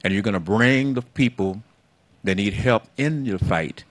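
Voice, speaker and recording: A man hosting a call-in talk show, folksy, stretching words for emphasis and calling callers baby. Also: fairly low pitch. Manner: folksy, drawn-out emphasis, calls guests baby.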